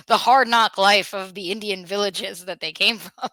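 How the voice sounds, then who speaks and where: A woman's voice: medium pitch, normal speed, few pauses, pushed and bright, no room sound. A woman hosting a podcast in casual talk, earnest, with nervous laughs and frequent restarts. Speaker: podcast host.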